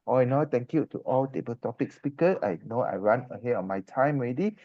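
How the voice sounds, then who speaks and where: A man's voice: medium pitch, brisk, no room sound, muffled recording. A man giving evaluation feedback at a speaking club meeting, talking hesitantly with many fillers. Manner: hesitant, filler-heavy delivery.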